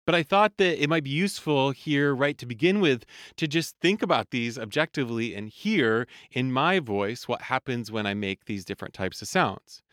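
Calm man teaching voice, dry and smooth. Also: medium pitch, normal speed, hardly any pauses, no echo. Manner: calm, explanatory, demonstrates sung vowel sounds. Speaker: voice coach. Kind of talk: podcast voice lesson.

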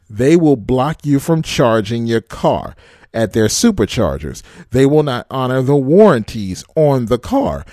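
A man's voice: mid-range voice, dark tone, no room sound, clean studio sound. Blunt, profane trucker vlogger, man. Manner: blunt, profane, mocking, laughs often. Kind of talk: casual rant to camera.

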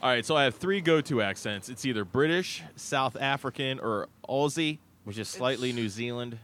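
A man's voice: medium pitch, lively intonation, moderate pace, fairly bright tone. A man hosting a casual podcast chat, speaking in a put-on Aussie accent as part of a game. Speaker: podcast host.

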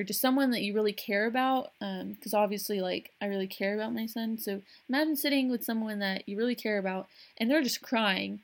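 A young adult woman hosting a casual solo podcast, rambling with lots of fillers and frequent laughs. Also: mid-range voice. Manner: rambling, frequent "like" and "you know", laughs often. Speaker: podcast host.

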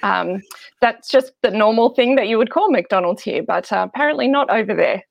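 A woman's voice: a little high, expressive, brisk, gravelly, muffled recording. An Australian woman, a theology lecturer, speaking as a podcast guest in a friendly, explanatory way. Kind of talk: podcast interview.

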